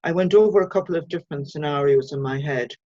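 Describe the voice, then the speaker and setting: A woman, an author reading her own short story aloud in a measured, even way. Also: deep voice, no room sound, dull audio.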